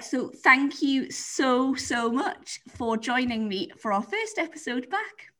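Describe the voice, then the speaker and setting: A woman's voice: high voice, takes it slowly. A woman hosting a podcast, telling stories in a casual chat and laughing often. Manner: giggly, animated storytelling with lots of laughter. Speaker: podcast host.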